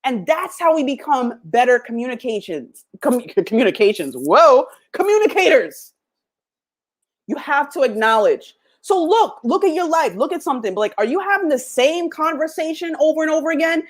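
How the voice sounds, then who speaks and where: A middle-aged woman gives a motivational podcast talk in a bright, high voice. Her pitch swoops widely as she tells stories and acts out old conversations, often breaking into laughter. The delivery feels animated and personal. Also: normal speed. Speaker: podcast host.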